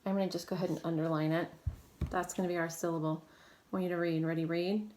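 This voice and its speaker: A woman teaching a recorded phonics lesson to children, giving clear prompts and praising often. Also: lowish voice, fairly even intonation, fast, darkish tone, slight background noise. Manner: encouraging, clear teacher prompts to young readers. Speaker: reading teacher.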